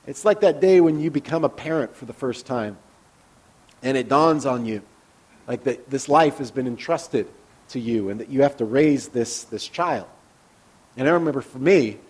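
A man preaching a conversational sermon as a pastor, candid and personal, often dropping into soft, hushed asides. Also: mid-range voice, slightly rough.

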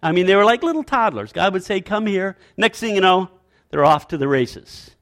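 A man's voice: high voice, animated, brisk, a bit bright. A man preaching a sermon as pastor, repeating his key phrases emphatically and leading the congregation in call-and-response.

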